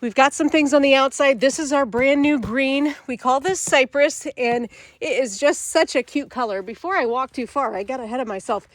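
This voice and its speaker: A woman's voice: high voice, normal speed. Upbeat woman walking viewers through a home, casual and a touch stuffy from a cold. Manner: upbeat, chatty, enthusiastic. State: slightly congested from a cold. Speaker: manufactured home salesperson and channel host. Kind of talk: casual home tour vlog.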